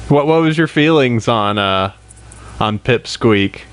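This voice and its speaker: A man's voice: mid-range voice, slight background noise. A man hosting a podcast, chatting in a playful way and laughing often. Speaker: podcast host. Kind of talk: casual podcast chat.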